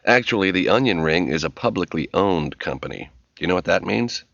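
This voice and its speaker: A man's voice: low-pitched, animated, brisk, vocal fry, a bit bright, dry recording, heavily acted. A man voicing a harried divorced father who keeps his temper in check, in an audiobook reading. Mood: explaining. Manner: restrained, exasperated, teasing. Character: harried divorced father, patient but strained. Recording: dull, muffled audio.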